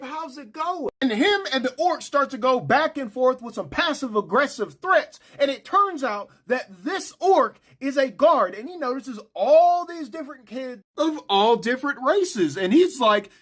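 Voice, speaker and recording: A storyteller recapping a tabletop campaign in casual storytime narration, dropping into quick quoted voices for the characters. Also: sits high, fairly bright tone.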